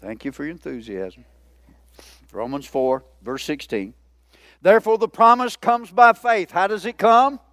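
A pastor in full sermon, his voice sitting high for a man. He jokes and keeps prompting the congregation as he goes. The sound is dry, with no room echo. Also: a little slow. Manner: lively, joking preacher who calls out to the congregation.

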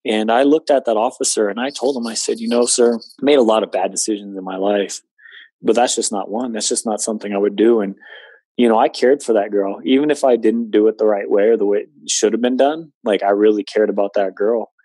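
A man's voice: fairly low pitch, fairly even intonation, fairly quick, mellow, no room sound. A man in his late twenties earnestly recounting a personal story in conversation, with many fillers. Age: 20s. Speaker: guest telling his story.

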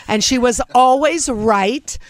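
A middle-aged woman from Los Angeles, a singer-songwriter being interviewed, telling stories in a lively, animated way. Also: on the high side, takes it slowly, dry recording. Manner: animated storyteller, lively asides. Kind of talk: casual interview chat.

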